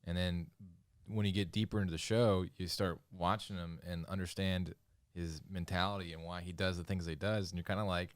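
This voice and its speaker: A man's voice: low voice, steady tone, fairly quick, smooth, no room sound. A man co-hosting a podcast in casual chat, rambling and joking, with frequent restarts. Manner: rambling, restarts often, jokey. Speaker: podcast co-host.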